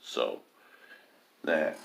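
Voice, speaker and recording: A man's voice: drawn-out words, a bit bright. A man ranting to camera about religion, mocking, with many filler ums. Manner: mocking, lots of ums, mimics others in high cries. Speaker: atheist vlogger.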